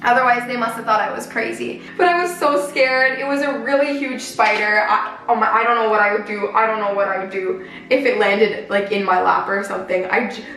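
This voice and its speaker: Young woman, twenties, casual storytime vlog, animated and filler-heavy, faint music under a roomy echo. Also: a little high, fairly quick. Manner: animated, chatty, many "like" fillers. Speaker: beauty vlogger. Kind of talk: casual storytime vlog while doing makeup.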